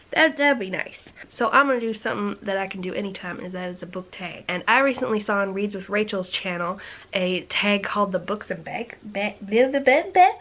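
Chatty, quick-talking woman vlogger. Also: medium pitch, poor audio. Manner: quick, energetic and chatty, with playful rhetorical questions. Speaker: book vlogger. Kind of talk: casual vlog chat to camera.

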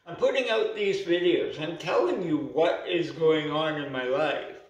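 A man's voice: a little high, measured pace, recorded from a distance, highs cut off. A man who speaks a bit unclearly because he has no teeth, ranting defiantly in a casual vlog and peppering his talk with "you know" and "right". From Canada. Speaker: vlogger. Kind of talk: casual vlog rant to camera. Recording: roomy echo, voice away from the mic.

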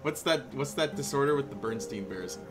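A man playing a dwarf character in a tabletop game, loud and excitable, laughing often. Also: medium pitch, brisk, soft background music. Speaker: player.

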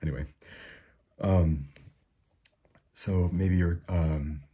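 Young guy doing a chill devotional, super deep husky voice, lots of ums. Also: fairly even intonation. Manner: soft-spoken, unhurried, with frequent fillers and restarts. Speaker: preacher. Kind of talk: informal devotional teaching.

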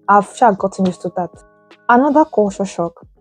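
A woman's voice: mid-range voice, lively intonation, measured pace, faint music behind. A young Nigerian woman with a Nigerian accent, chatting to camera and telling exasperated stories full of rhetorical questions. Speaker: vlogger. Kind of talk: casual chat to camera.

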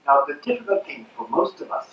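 A man's voice: mid-range voice, very animated, quick pace, a bit bright, slight background noise. Older male lecturer, emphatic with rhetorical questions, heard distant and muffled in a roomy hall. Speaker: speaker at a public talk. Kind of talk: impassioned lecture to an audience. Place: hall at a 1992 public talk. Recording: roomy, distant, muffled old audience recording.

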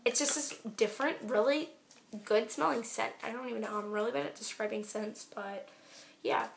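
A woman's voice: fairly high pitch, animated, normal speed, creaky, a little hiss or hum. A teenage girl chatting casually through her hair care products, rambling with lots of fillers. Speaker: beauty vlogger. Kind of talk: casual product review vlog.

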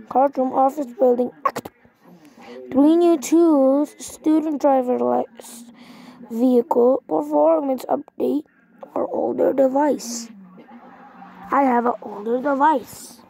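Excitable high-voiced woman gaming. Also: creaky. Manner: excitable, swears a lot, reacts loudly to the game. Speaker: gaming vlogger. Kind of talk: casual let's-play commentary.

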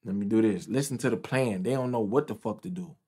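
A man delivers a heated reaction rant over news clips. He is profane and repeats himself, pushing his voice up and louder when he gets worked up. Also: lowish voice, brisk, slightly rough. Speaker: commentator. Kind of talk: ranting reaction commentary.

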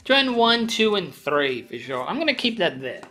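A woman's voice: lowish voice, normal speed, faint music behind. A young woman hosting her channel, chatting casually and swearing often as she opens card packs for viewers. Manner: excitable, swears a lot, chatty asides to viewers. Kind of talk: casual pack-opening commentary.

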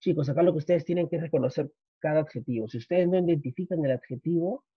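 A man with a Spanish accent teaching an English grammar lesson, explaining slowly, repeating points and switching into Spanish for his students. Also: fairly high pitch, husky, dry recording. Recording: dull lo-fi.

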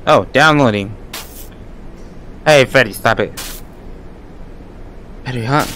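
A man's voice: medium pitch, slow pace, pushed and bright, a little hiss or hum. A young man giving casual gameplay commentary, jittery and swearing, laughing nervously. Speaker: gaming YouTuber.

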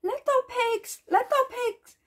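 A woman voicing a menacing, blustering big bad male wolf in a storybook reading, with a drawn-out threatening chant. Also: extremely high pitch, fairly bright tone, pitched above the performer's own voice, full character voice.

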